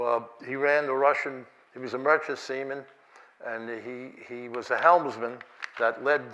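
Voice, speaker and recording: A man's voice: medium pitch, fairly bright tone, low-quality recording. An older man giving a rambling, chuckling keynote talk full of anecdotes, restarts and fillers. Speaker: keynote speaker. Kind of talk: lecture with anecdotes. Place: conference lecture hall.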